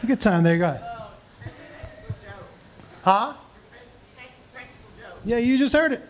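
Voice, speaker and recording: A male comedian telling profane stories at a live Q&A, animated and laughing often. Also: very high voice, slow pace. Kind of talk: storytelling in a live Q&A.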